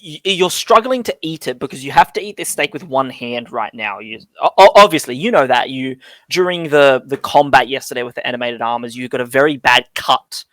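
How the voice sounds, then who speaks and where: A man narrating as dungeon master in a rambling way, often pausing to search for words with lots of fillers. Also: mid-range voice, expressive, fairly bright tone, no room sound. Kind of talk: narrating a tabletop game.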